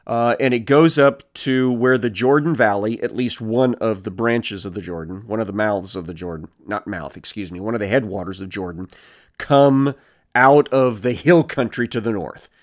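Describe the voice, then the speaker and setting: A man teaching through a Bible passage, reading verses aloud and retelling them in casual, animated everyday speech. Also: fairly low pitch. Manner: reads verses, then paraphrases casually with animated character voices.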